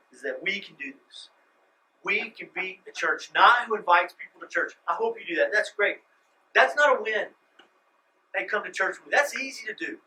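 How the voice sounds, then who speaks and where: A man preaching a sermon as a pastor, moving between loud emphatic lines and hushed whispers. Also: high-pitched, distant mic, low-quality recording. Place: church sanctuary.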